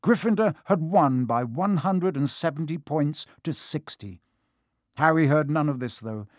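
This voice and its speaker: A man narrating a children's storybook in a steady, expressive reading. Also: a little high, unhurried, no room sound, studio quality. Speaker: audiobook reader.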